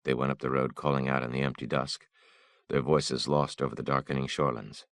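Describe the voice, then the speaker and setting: A man narrating an audiobook in a measured, somber manner. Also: extremely low pitch, flat delivery, creaky, dry recording, studio quality.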